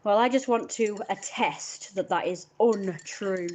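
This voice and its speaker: A woman's voice: medium pitch, unhurried, a little mellow. Indignant woman rambling on stream. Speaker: live streamer. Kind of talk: casual live-stream storytelling.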